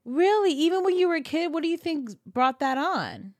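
A woman's voice: very high voice, sing-song, normal speed, no room sound. A young adult woman hosting a casual podcast chat, giggly and playful, joking around and laughing often. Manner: giggly, playful, jokes in silly put-on accents. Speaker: podcast host.

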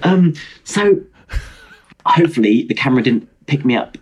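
A man's voice: mid-range voice, animated, normal speed, a little mellow, slightly rough. A man in his twenties, from Britain, telling a rambling, self-mocking story over a video call. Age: 20s. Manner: rambling, self-mocking, lots of fillers and restarts. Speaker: guest.

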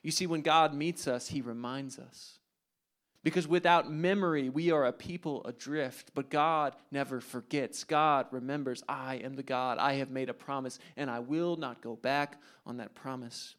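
A man preaching a sermon, retelling a scripture story dramatically and dropping to hushed asides. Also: mid-range voice, fairly even intonation, normal speed.

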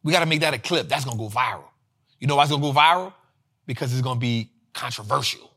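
A man hosting a finance show, talking in energetic casual commentary, slangy and animated, repeating lines for emphasis. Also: medium pitch, fast talker, husky.

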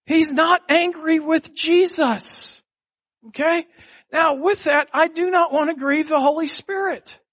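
High-voiced man preaching slowly. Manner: animated, conversational preaching with asides. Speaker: pastor. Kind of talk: sermon.

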